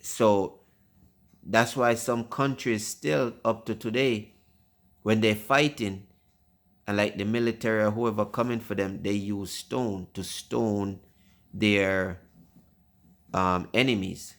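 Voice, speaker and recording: A man's voice: fairly low pitch, steady tone, takes it slowly, long pauses. Rambling man chatting casually. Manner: rambling, repeats phrases, stumbles over words. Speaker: father hosting a family video. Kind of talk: casual family chat.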